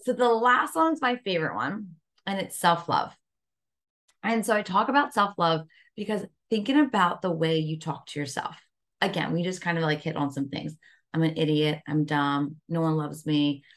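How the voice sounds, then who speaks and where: A woman with a slightly low voice speaks as a podcast guest. She sounds easygoing and conversational, tossing in "like" and "right?" as she talks. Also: animated, normal speed, a bit bright. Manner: conversational, frequent "like" and "right?" fillers. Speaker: podcast guest, wellness coach. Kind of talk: casual podcast chat.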